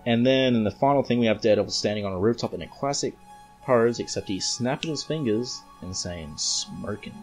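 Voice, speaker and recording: A man's voice: mid-range voice, fairly quick, a little mellow, soft background music. An Australian-accented man hosting a podcast, recapping a comic book in a rambling way with joking asides. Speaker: podcast host.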